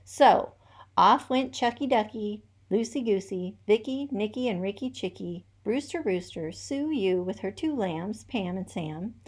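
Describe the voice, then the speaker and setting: A woman teacher reading a children's picture book aloud with lively, rhythmic storytelling. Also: medium pitch, unhurried.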